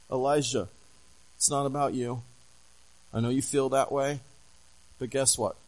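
Man preaching a lively sermon. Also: mid-range voice, measured pace, long pauses, low-quality recording. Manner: animated storytelling, asks the congregation questions. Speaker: pastor.

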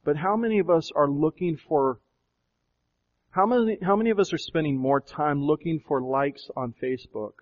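A pastor with a slightly high voice preaches a sermon on a dull lo-fi recording. He questions his listeners over and over, swelling with emphasis and slowing down to draw out key phrases.

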